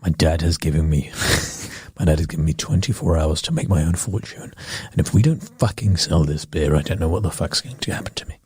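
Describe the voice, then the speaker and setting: Man putting on a beer boss voice, low, gruff, husky, bossy, desperate. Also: brisk, a little mellow, full character voice. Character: desperate blustering male beer company boss.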